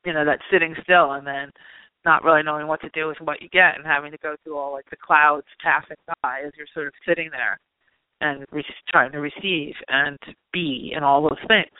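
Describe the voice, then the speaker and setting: A man's voice: fairly high pitch, steady tone, brisk, smooth, no room sound. A man hosting a spiritual talk show, chatting casually and peppering his talk with "you know" and "like". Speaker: spiritual reader and show host. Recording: tinny phone-line sound, dry.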